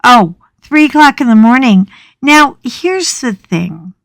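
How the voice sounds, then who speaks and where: A middle-aged American woman telling a story in a chatty, animated way as she talks on her craft channel. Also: fairly high pitch, slow, no room sound, studio quality. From United States. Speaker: craft vlogger. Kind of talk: casual storytelling chat. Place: small home craft room.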